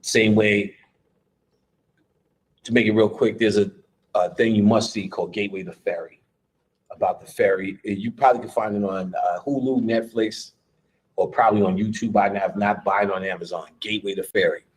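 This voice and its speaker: A man's voice: on the low side, fairly even intonation, moderate pace, rough recording. A man giving a live lecture in a loose, rambling, profane way, often laughing.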